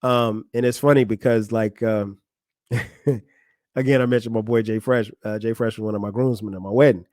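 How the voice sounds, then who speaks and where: A man's voice: lowish voice, steady tone, moderate pace, a little mellow, no room sound, studio quality. A man in his forties hosting a podcast, talking casually and frankly about marriage, laughing often and speaking straight to a friend. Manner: conversational, laughing often, addressing a friend directly. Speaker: podcast host. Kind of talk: casual advice monologue.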